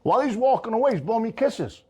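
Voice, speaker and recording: A man who owns a restaurant, telling a story in casual chat with animated, profane, fiery energy. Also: extremely high pitch, fast, slightly rough, highs cut off. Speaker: restaurant owner.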